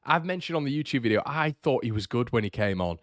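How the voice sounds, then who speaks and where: A young man hosting a casual morning football fan show, chatty and energetic, repeating words for emphasis while answering viewer comments. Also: mid-range voice, fast talker, no room sound, studio quality. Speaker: football fan channel host.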